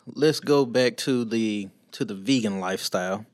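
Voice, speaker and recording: A man's voice: lowish voice, moderate pace, darkish tone, no echo, studio quality. A man hosting a casual interview, asking questions in an easygoing way with some hesitation. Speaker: interviewer host.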